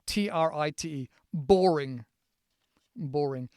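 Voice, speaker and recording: A man's voice: a little high, slow pace, darkish tone, dry recording, studio quality. A man hosting a casual vocabulary lesson, rambling and spelling out words letter by letter. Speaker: podcast host teaching English vocabulary. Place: countryside home.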